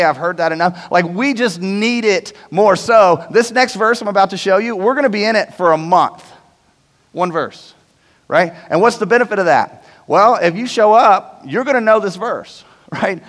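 A man's voice: high-pitched, fairly bright tone, long reverb tail. A male pastor giving a conversational sermon to his church, often checking in with "right?". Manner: conversational preaching, frequent "right?" tag questions. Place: church auditorium.

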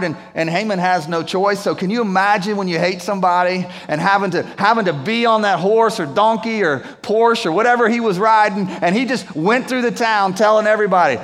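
A male pastor tells a story from the pulpit in a casual, slangy way. His voice sits fairly high. A long reverb from a large church hall hangs on his words. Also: a little fast, fairly bright tone. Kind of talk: sermon.

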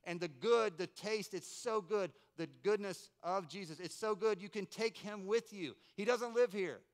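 A man's voice: high voice, normal speed. A man in his forties from North Carolina, preaching a sermon and telling stories with playful asides. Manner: storytelling, animated, playful asides. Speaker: pastor. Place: church service in a rented building.

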